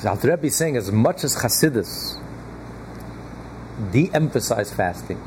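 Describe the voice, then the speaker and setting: A man leads a small study group at an even, middling pitch, pressing his points with emphatic repetition. He chuckles now and then as he explains. A faint hum sits under the recording. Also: measured pace, rough recording. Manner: emphatic, repeats key phrases, chuckles often. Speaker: Torah class teacher.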